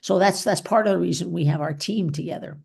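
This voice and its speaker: Gravelly low-voiced woman doctor, chatty talk. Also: fast talker, darkish tone. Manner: chatty, frequent "okay?" and "you know" tags. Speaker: physician presenter. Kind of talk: informal medical talk with Q&A.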